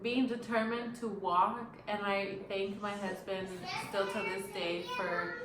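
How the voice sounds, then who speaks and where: A young woman chatting casually as a co-host, telling a long story in a rambling, animated way. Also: medium pitch, a little slow. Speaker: podcast co-host. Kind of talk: casual chat. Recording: echoey room, faint noise.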